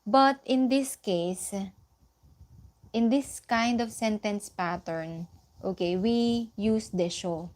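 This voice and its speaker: A woman with a Filipino accent teaching a live online Japanese lesson. She explains slowly and repeats the example phrases, now and then slipping into Tagalog. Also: medium pitch, darkish tone.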